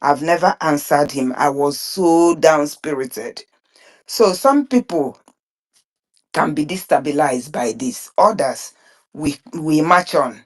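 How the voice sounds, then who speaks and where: A woman, speaking earnestly in an online group discussion, often stumbling and repeating words. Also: low-pitched. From Nigeria (Biafran region). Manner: halting, repeats and restarts words; earnest, emphatic. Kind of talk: impassioned spoken commentary.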